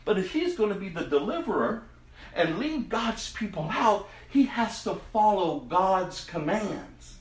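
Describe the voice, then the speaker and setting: Impassioned male preacher, lively pitch. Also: a little slow, roomy sound. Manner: impassioned preaching, swinging from hushed to loud. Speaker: pastor. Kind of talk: sermon.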